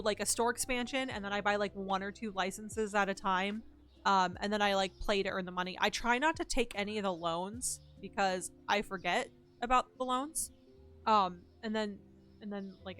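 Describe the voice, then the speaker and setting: A woman's voice: medium pitch, a bit bright. A sick woman streamer with a nasal, congested voice, chatting casually and rambling with viewers while playing a game, swearing now and then.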